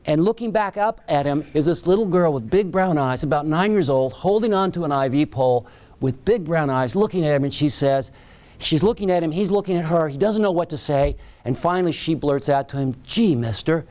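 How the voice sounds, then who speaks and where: A man's voice: fairly high pitch, a little fast, a little mellow. A man giving a keynote speech, telling a story in short, dramatic phrases. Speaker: keynote speaker.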